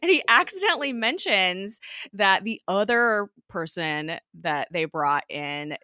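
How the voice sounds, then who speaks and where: A woman hosting a podcast, recapping a TV episode in a chatty way, full of fillers and quick giggles. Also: medium pitch, lively intonation, sharp tone, no room sound, clean studio sound.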